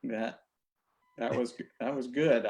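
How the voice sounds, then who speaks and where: A man co-hosting a live show, telling puns deadpan with a halting, hesitant delivery. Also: mid-range voice, gravelly. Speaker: co-host. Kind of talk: comedic banter.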